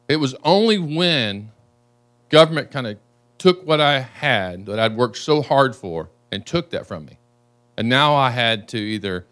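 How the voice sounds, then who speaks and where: A man's voice: medium pitch, a bit bright. Man, congressman, earnest, emotional, town hall remarks. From United States.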